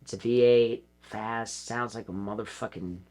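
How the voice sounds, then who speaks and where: A man's voice: on the low side, steady tone, normal speed, a little mellow. A middle-aged man guesting on a podcast, talking in a rambling, casual way with frequent swearing, restarts and laughs. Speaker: guest, former pro skater. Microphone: podcast studio mic.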